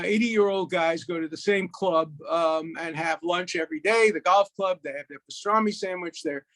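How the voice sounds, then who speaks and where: A man in his eighties from Brooklyn, a guest telling jokes and stories in a lively, punchy way. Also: high-pitched. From Brooklyn, USA. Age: 80s. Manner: lively raconteur, punchy delivery. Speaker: guest, lawyer. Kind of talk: animated storytelling, joke-telling chat.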